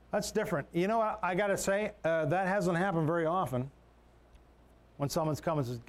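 A man's voice: high-pitched, fairly quick. A man preaching a sermon as a pastor, in a conversational way, often repeating words and restarting sentences.

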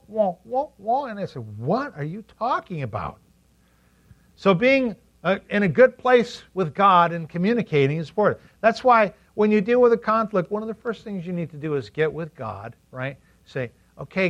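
A man preaching a sermon as pastor, animated, asking the congregation questions and acting out quotes in funny voices. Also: high-pitched. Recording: dull lo-fi recording.

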